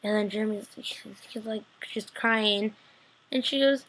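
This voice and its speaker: Young woman fan, chatty and gushing, bright tone, pitch a little high; casual home recap. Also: fairly quick. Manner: chatty, gushing, full of 'like'. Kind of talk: casual chat.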